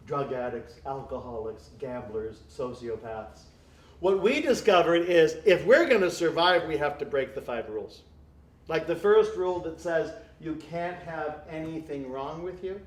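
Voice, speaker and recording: Speaking at a measured pace in a slightly high, animated voice, a male priest addresses a live evening audience in a room with echo. His humor is wry, and he plays out mock exchanges as he jokes.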